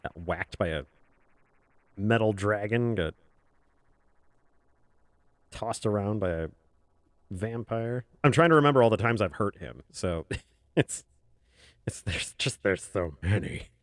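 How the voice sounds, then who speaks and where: Low-voiced man chatting while drawing. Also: animated, slow pace, pauses often, dry recording. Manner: rambling, chuckling, muttering softly while working. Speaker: webcomic artist streaming. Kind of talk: casual chat while drawing on stream. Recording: faint music behind.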